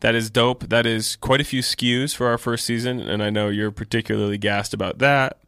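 A man's voice: on the low side, fairly even intonation, fairly quick, creaky, fairly bright tone, no room sound, studio quality. A man co-hosting a podcast about his clothing shop, talking in a laid-back way, swearing freely and laughing often. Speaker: podcast co-host and shop owner. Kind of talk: casual chat.

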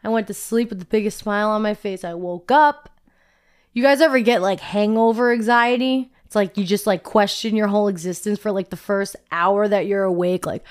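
A woman's voice: mid-range voice, moderate pace, clear, resonant tone. A young woman vlogger telling a personal story in a candid, chatty way, often saying "like".

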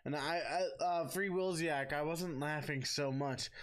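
A man's voice: fairly high pitch, measured pace, fairly bright tone. A man co-hosting a casual podcast chat, teasing his co-host and tripping over words now and then.

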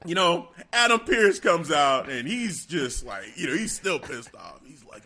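A man's voice: on the high side, sing-song, measured pace, few pauses, bright, forceful tone. A man co-hosting a casual chat, rambling and laughing often, full of "you know".

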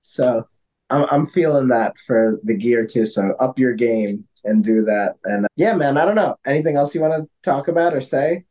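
A man co-hosting a casual podcast, telling stories in an animated way with lots of fillers and some swearing. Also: mid-range voice, moderate pace. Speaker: podcast co-host. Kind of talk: casual chat.

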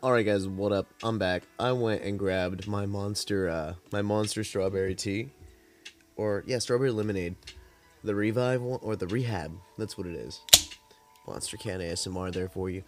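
A young man hosting a podcast, telling stories in a rambling, laid-back, profane way while high, with cotton mouth. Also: normal speed, music in the background. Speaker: podcast host. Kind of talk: casual storytelling monologue.

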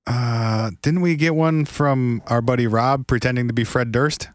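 Wry podcast co-host in a dry room. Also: male voice, mid-range voice, steady tone, a little slow, dry recording. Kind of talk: casual chat.

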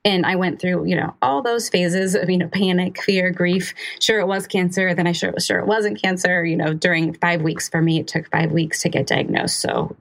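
A woman in her thirties talks openly as an interview guest, laughing easily as she goes. Her voice sits low, with a gravelly fry running through it. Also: fairly even intonation, moderate pace, few pauses. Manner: candid, laughs often. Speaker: podcast guest, cancer survivor. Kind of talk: conversational interview.

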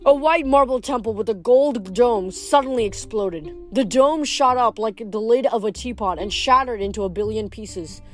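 A woman reading a novel aloud in steady narration, now and then stumbling over a word. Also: fairly high pitch, normal speed, few pauses, soft background music. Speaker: reader.

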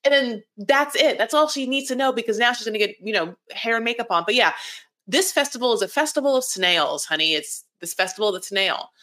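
A woman's voice: on the high side, lively intonation, a little fast, pushed and bright. A woman in her forties co-hosting a podcast, chatting loosely in a rambling way about a reality show and acting out quoted voices. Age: 40s. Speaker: podcast co-host. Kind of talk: casual chat recapping reality TV.

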